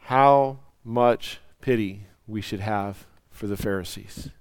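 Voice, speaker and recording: Guy preaching slow and deliberate, mid-pitched, dry close sound, gets loud then drops real quiet. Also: smooth, no room sound. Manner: dynamic preaching, soaring then dropping to near whispers. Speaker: pastor. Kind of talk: sermon.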